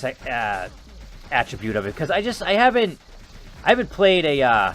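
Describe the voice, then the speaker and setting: A man giving rambling, joking gameplay commentary, excitable and chatty. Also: mid-range voice. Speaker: gaming video host.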